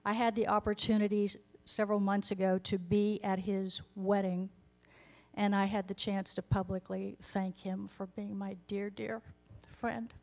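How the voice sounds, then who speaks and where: A woman in her fifties tells her own story in a candid, self-deprecating way. Her voice sits at an ordinary middle pitch, and she mixes honest reflection with wry humor. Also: little pitch movement, moderate pace, creaky, darkish tone. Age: 50s. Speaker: speaker telling her story. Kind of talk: personal storytelling talk.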